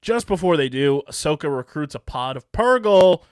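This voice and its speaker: A man's voice: on the high side, expressive, clean tone, dry recording. Man, podcast host, chatty and jokey, dry recording. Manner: jokey, filler-heavy, quick. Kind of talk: casual podcast chat with sponsor read.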